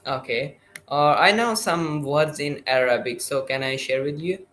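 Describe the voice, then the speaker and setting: A man hosting a livestream, speaking halting, hesitant English full of fillers while he chats with an AI. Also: on the high side, a bit bright. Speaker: livestream host. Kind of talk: casual chat with an AI.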